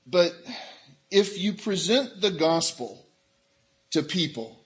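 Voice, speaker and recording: A middle-aged man delivers a sermon from the pulpit, his voice sitting a little high and coming across bright and forceful. He preaches in an animated way, dropping into the voices of the people in the story as he tells it. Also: slow. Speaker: pastor.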